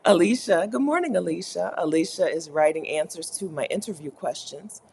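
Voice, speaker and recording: Reading chat aloud on her live co-working stream, this Caribbean host talks a little fast in a fairly low, darkish voice with vocal fry and lively intonation. There's slight background noise. She chats playfully, laughs frequently, and throws in mock complaints.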